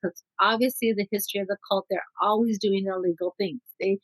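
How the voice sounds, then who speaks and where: A woman's voice: medium pitch, fairly even intonation, fairly quick, dry recording, poor audio. A middle-aged woman from Mexico, a guest telling her own story in an interview, vivid and acting out what people said. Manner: vivid storyteller who acts out quotes.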